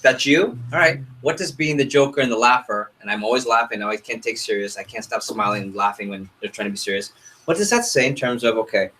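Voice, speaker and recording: A man's voice: mid-range voice, fast talker, rough recording. A man leading a group training session, calling out instructions and repeating them to a room full of people. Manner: energetic, directive, repeats instructions. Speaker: workshop leader.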